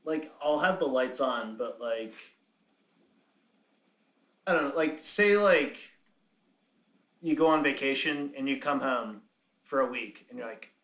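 A man's voice: medium pitch, animated, a little slow, pauses often, a bit bright. Laid-back rambling man in an echoey room. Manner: rambling, laughs often. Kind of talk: casual chat.

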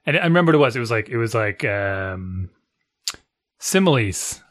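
A man's voice: mid-range voice, normal speed, dry recording. Dry-miked man telling family stories. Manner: animated storyteller, acts out quotes. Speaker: parent and co-host. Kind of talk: casual chat.

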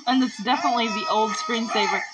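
A woman's voice: on the high side, fairly even intonation, quick pace, heavy background noise. Chatty, giggly young woman recapping a film. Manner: chatty, giggly, many "like" fillers. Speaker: movie review host. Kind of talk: casual movie recap.

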